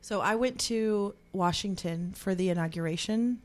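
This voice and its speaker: A woman's voice: medium pitch, normal speed. A woman from Texas co-hosting a podcast, telling stories in casual chat. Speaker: podcast co-host.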